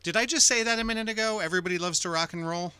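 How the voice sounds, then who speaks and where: Jokey male podcast co-host, slightly high, bright and animated. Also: very fast, clean tone, no echo. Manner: playful, jokey. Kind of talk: casual comedic chat.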